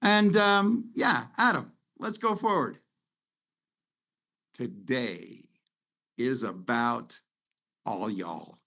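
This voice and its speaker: A man's voice: mid-range voice, expressive, very slow, pauses often, bright, forceful tone. A middle-aged man hosting a webinar over slides from his home office on a video call, talking in a loose, sentimental, rambling way. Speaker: webinar host. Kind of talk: casual presentation over slides.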